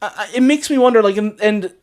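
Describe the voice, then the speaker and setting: A man talking casually on a movie podcast, his voice sitting a little on the high side for a man. He rambles and restarts his sentences, filling the gaps with ums and likes, and breaks into easy laughter. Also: a little fast. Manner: rambling, lots of fillers and restarts, laughs easily. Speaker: podcast co-host.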